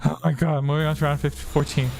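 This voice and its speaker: A man's voice: a little high, little pitch movement, fast talker, creaky, noisy background. A man hosting a livestream quiz at a home desk microphone, talking in a rambling way, correcting himself and reading out chat answers.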